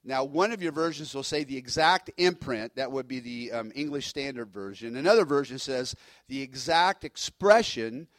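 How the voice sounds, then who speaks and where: A man who is a pastor, preaching a sermon in an emphatic, animated way with frequent restarts. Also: mid-range voice, moderate pace, no room sound.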